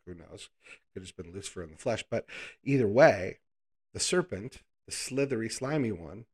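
A man's voice: medium pitch, a little mellow. A man preaching a casual, conversational Bible lesson, asking the listeners rhetorical questions and adding playful asides.

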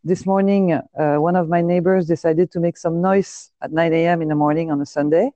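A woman from France with a deep, low voice and a strong French accent, chatting on a podcast. She teases and slips in deadpan jokes. The sound is dry and close. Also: fairly quick, no room sound, highs cut off. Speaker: podcast host. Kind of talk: casual chat.

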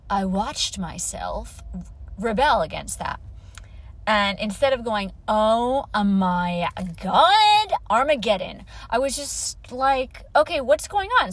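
A woman hosting her own vlog and talking casually to camera, chatty and full of "like" and restarts, acting out her own thoughts with lively jumps in pitch. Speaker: vlog host. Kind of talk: casual chat.

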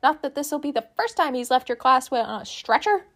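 A woman's voice: high voice, expressive, fairly quick, full character voice. A woman voicing a furious swearing male teacher. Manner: yelling, swearing, cutting.

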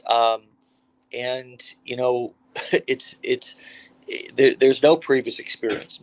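Energetic American man hosting by phone. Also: mid-range voice. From United States. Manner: energetic, hype opening, many fillers and restarts. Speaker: host. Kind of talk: casual online interview.

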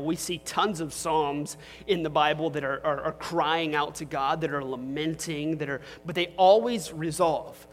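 A man's voice: fairly high pitch, in a large hall. A man preaching a sermon as pastor in a church, talking conversationally with joking asides to his congregation. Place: church sanctuary.

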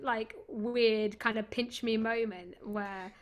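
Young woman, stage actress guest; lively, chatty storyteller with a slightly high voice. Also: slow pace. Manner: animated, chatty, full of "like" and "literally". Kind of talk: casual storytelling in an interview.

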